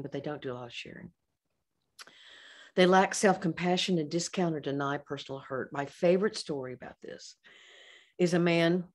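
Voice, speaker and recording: A woman psychologist giving a conversational talk to colleagues, acting out quoted dialogue with restarts and asides. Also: low voice. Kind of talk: presentation to colleagues. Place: lecture or webinar setting.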